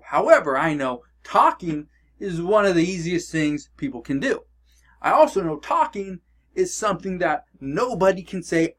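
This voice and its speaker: A man's voice: on the high side, a bit bright. Emphatic man giving blunt advice. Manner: emphatic, keeps checking in with "okay?" and "all right?"; blunt and coaching. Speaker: online business vlogger. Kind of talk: casual direct-to-camera advice.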